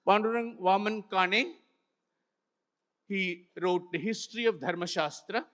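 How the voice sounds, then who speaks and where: Bright-voiced older Indian man in a hall. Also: high voice. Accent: Indian English. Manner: unhurried, many pauses and fillers, points at slides. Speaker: festival speaker. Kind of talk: illustrated talk to an audience. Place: large hall with an audience. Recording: hall reverb from a stage mic.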